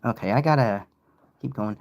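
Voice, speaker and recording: Here the young streamer's voice sits lowish and moves at a moderate pace. His livestream talk wanders casually, full of animated asides where he breaks off his own point.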